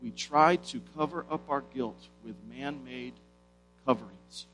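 A man's voice: mid-range voice, a little slow, fairly bright tone, soft background music, poor audio. A man preaching a sermon with emphatic stresses and rhetorical questions.

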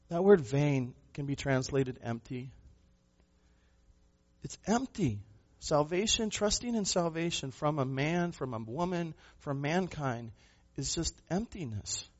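A pastor preaching a sermon, a man who speaks with emphasis, asks rhetorical questions and moves between loud and soft passages. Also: on the high side, lively intonation, a little slow, highs cut off.

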